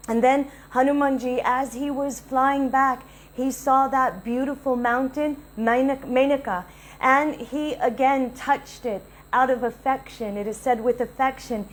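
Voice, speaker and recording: A woman's voice: high voice, poor audio. A woman giving a devotional talk, earnestly telling a personal story and acting out the dialogue. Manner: earnest, confessional, retells dialogue. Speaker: spiritual speaker.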